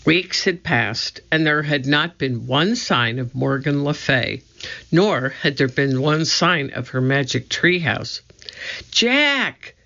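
A narrator reading a children's book aloud in an expressive storytelling manner. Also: medium pitch, slow pace, vocal fry, dull audio. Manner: expressive storytelling, voicing each character. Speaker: audiobook narrator.

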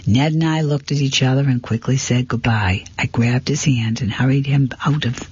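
A man narrating a first-person mystery story in a steady, plain manner, on a dull, lo-fi recording. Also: mid-range voice, normal speed, husky, dry recording. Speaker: audiobook narrator. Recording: dull, lo-fi, dry.

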